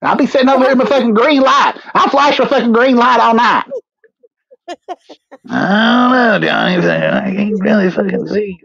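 A man's voice: very high voice, very animated, normal speed, creaky, a bit bright, voice pushed up, full character voice. A man voicing a rowdy, rambling country man who slips into a put-on Irish accent, cursing and jeering in a muffled lo-fi recording. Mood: mocking, rowdy.

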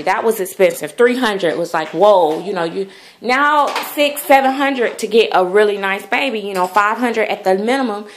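A woman vlogger chatting casually to the camera in a rambling way, full of fillers. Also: mid-range voice. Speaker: doll collector vlogger.

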